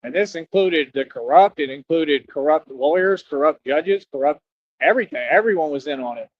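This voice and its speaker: A young man with a high voice rants on a livestream, emphatic and combative, full of street slang. The sound is dull and lo-fi. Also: lively intonation, moderate pace, slight background noise. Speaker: streamer. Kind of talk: livestream rant. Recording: dull lo-fi audio.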